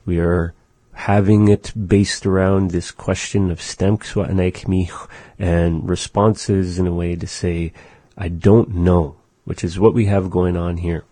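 A man with a very low, dark voice leads a language lesson from a radio studio. He speaks slowly and patiently, repeating each phrase and breaking it down. The sound is dry and close. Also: level tone, no echo.

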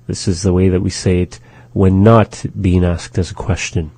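A man hosting a radio language lesson, repeating each phrase slowly and carefully. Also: sits low, fairly even intonation, mellow, no room sound. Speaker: language teacher and radio host. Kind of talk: slow instructional language lesson.

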